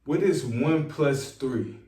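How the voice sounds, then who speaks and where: Slow-drawling man lecturing viewers. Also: medium pitch, lively intonation, warm tone, recorded from a distance. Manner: drawling, preachy, repeats himself for emphasis. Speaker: online self-help talker. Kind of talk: slow rambling monologue to viewers. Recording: echoey room, voice set back from the mic.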